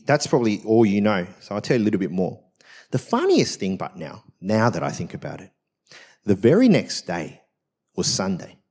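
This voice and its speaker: A man's voice: on the high side, slightly rough. A man, a senior pastor at a church service, preaching a personal story in a conversational, self-mocking way with frequent tag questions.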